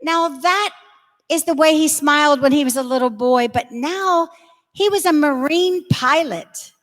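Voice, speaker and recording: A middle-aged woman with a high voice speaks to confirmation students in a large church. Her delivery is direct and full of stories, and she calls out to the crowd. The sound carries a long reverb from the hall. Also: a little slow. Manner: direct, storytelling, addresses the crowd. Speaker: religious education speaker.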